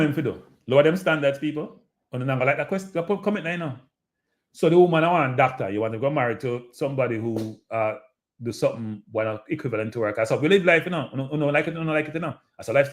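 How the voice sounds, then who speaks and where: A man with a Jamaican accent hosting a live show, talking casually and animatedly to his audience and often repeating himself. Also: medium pitch. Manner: animated, repetitive, addresses audience as people. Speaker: show host. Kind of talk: casual live-stream commentary.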